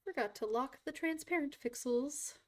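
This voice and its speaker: A woman's voice: high voice, moderate pace. A young woman streaming live from her computer, chatting casually and rambling with frequent giggles as she draws. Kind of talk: casual live-stream chat while drawing.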